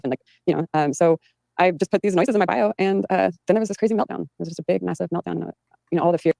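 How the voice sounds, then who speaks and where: Woman rambling thru an interview super fast, um and you know everywhere, gravelly. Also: fairly low pitch, warm tone, dry recording, low-quality recording. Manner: rambling, heavy fillers and restarts. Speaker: interview guest. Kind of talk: recounting in an interview. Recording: played from an archived interview.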